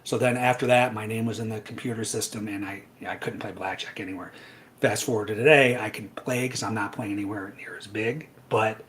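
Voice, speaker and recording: A man casually telling a long personal story, animated, with frequent asides like "right?" and "I'm like". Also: fairly low pitch, brisk. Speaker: trading educator guest.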